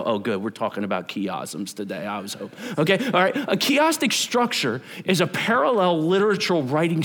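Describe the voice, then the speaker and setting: High, lively man preaching a sermon. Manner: energetic, conversational, jokes with the audience. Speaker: pastor. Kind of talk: youth camp sermon.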